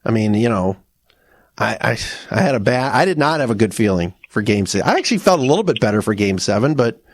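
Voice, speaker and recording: A man's voice: lowish voice, big pitch swings, fast talker, no room sound, studio quality. A man co-hosting a casual chat who halts, repeats himself and retells past conversations. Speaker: podcast co-host.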